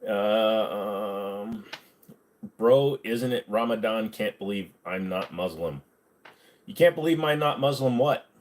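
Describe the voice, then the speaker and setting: A man's voice: on the low side, takes it slowly. A man hosting a casual livestream, reading viewer comments aloud and answering them in a blunt, sarcastic way, swearing freely. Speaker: livestream host.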